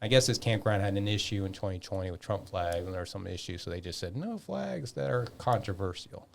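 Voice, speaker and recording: Animated storytelling man in his fifties. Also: deep voice, fast talker, slight background noise. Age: 50s. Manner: animated, swears freely, acts out dialogue. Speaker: podcast guest. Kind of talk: casual storytelling.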